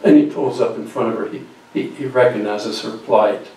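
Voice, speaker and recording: A guest speaker preaches a storytelling sermon about a Bible story, his mid-range voice mellow and moderately paced. Recorded far off in a very echoey church sanctuary with slight background noise, he acts out the voices he quotes and falls almost to a whisper.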